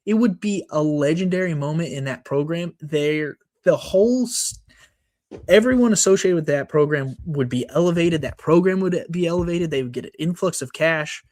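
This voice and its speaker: A man's voice: fairly high pitch, normal speed, darkish tone. Worked-up man ranting on a podcast. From Texas. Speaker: podcast co-host. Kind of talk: casual sports rant.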